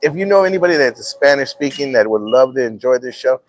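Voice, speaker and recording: A man's voice: medium pitch, fast talker, a little hiss or hum, low-quality recording. A middle-aged man hosting a casual talk show, telling a story and acting out the quotes with laughs. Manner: animated, acts out quotes with laughs. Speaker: host.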